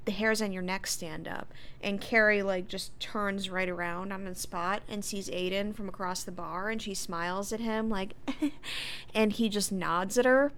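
A woman's voice: medium pitch, steady tone, a little slow, fairly bright tone, a little hiss or hum. A young woman co-hosting a podcast, animatedly retelling a TV episode in casual chat with frequent giggles. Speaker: podcast co-host.

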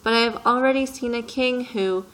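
A woman's voice: fairly high pitch, normal speed, a bit bright, pitched above the performer's own voice, natural voice, low-quality recording. A woman voicing an earnest, curious young boy who keeps asking questions, in an audiobook reading.

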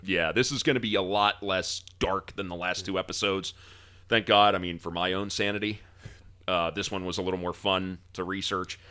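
A man hosting a podcast, trading laughing banter with his co-hosts and then narrating history in a steady storytelling voice. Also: deep voice, normal speed. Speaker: podcast host. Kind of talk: casual chat and history narration.

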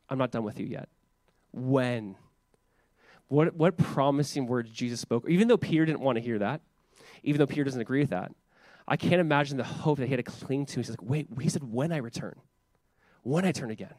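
Male pastor, a bit higher-pitched, conversational preacher, dry close sound, talky and animated. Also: fast, no room sound. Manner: animated, filler-heavy, acts out scripture voices. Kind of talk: casual conversational sermon.

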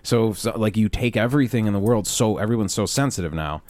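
This is a young man co-hosting a podcast, talking loosely and swearing with a fairly low voice. The sound is close and dry, with no room in it. He laughs through his own stories. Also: fast talker, a little mellow, dry recording. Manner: profane, storytelling, laughs often. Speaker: podcast co-host. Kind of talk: casual chat.

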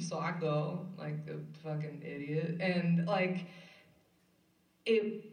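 A poet telling a story in a casual, animated way, laughing and swearing now and then, recorded live at a college event. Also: mid-range voice. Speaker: podcast poet. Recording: echoey room, far from mic.

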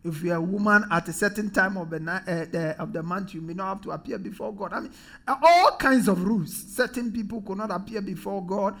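High-voiced preacher, emphatic. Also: male voice, brisk. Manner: call-and-response, emphatic, often rising to shouts. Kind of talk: sermon. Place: church.

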